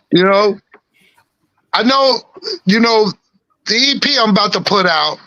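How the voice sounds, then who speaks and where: A middle-aged man with a slight lisp, talking in a relaxed, laughing way on a podcast. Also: sits high, slow pace, no room sound, muffled recording. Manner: laid-back, laughing, peppered with "you know what I'm saying". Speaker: guest rapper. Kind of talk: casual podcast chat.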